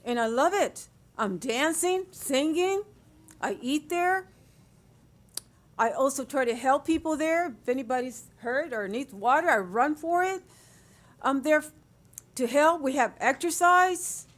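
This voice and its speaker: An older woman volunteer giving a warm, rambling public comment at a hearing. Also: high-pitched, lively intonation, measured pace. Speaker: senior volunteer.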